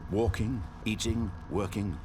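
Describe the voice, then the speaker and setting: A man's voice: on the low side, fairly even intonation, measured pace, noisy background, natural voice. A man voicing a grand, all-knowing storyteller narrator in a video game, with a dramatic, swelling delivery.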